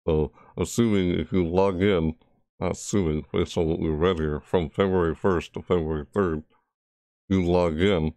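A man's voice: low-pitched, steady tone, moderate pace, mellow, no room sound. A man giving casual, rambling commentary while playing a video game, often correcting himself and reading game text aloud. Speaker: gaming YouTuber.

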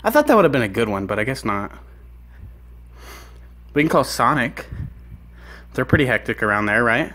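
A man's voice: medium pitch, sing-song, moderate pace, long pauses, pushed and bright. A young man making prank phone calls, rambling and swearing, breathless from walking around while he talks. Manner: rambling, breathless, swearing, laughing between asides. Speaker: prank caller and video host. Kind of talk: casual phone prank chat. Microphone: phone on speaker held while walking.

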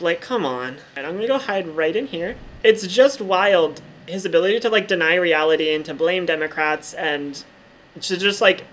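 A woman talking casually over her own gameplay as a vlogger, full of "like" fillers and freely swearing. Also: fairly low pitch. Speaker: gaming vlogger.

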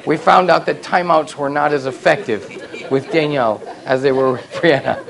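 Gravelly-voiced male pastor preaching. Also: a little high, moderate pace. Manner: storytelling, self-deprecating humor, voice rising to loud emphatic peaks. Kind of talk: sermon. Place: church sanctuary.

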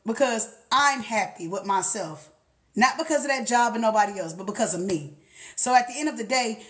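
Woman, spiritual vlogger; blunt, profane, fairly high-pitched, laughs through her self-talk. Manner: blunt and profane, swears freely. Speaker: spiritual motivational speaker. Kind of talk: casual motivational monologue.

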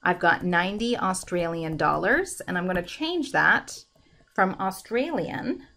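A woman's voice: on the low side, expressive, a little slow, vocal fry, fairly bright tone. A woman teacher talking through a currency conversion problem step by step in a recorded math lesson. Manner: methodical, talks through each step aloud.

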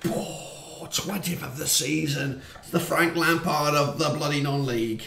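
A man commentating on his football management game, chatty and quick to swear when frustrated. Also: fairly high pitch, gravelly, sharp tone, reverberant, a little hiss or hum. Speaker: gaming YouTuber. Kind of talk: let's-play commentary.

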